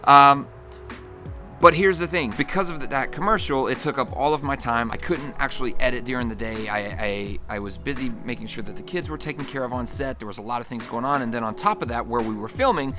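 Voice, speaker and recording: A man's voice: mid-range voice, brisk. A man hosting a car vlog, talking in an upbeat, chatty way with fillers. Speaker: vlog host. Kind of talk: casual vlog chat. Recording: background music clearly audible.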